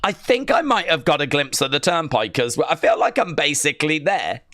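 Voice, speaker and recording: Bright-voiced excitable man streaming. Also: a little high, a little fast. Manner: rambling, excitable, reads viewer comments aloud. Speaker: live stream host. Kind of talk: live watch-along reaction chat.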